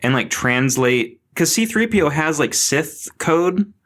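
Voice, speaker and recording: A man hosting a podcast in casual, profane, joking banter, telling stories with animated energy. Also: on the high side, a little slow. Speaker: podcast host. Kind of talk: casual chat.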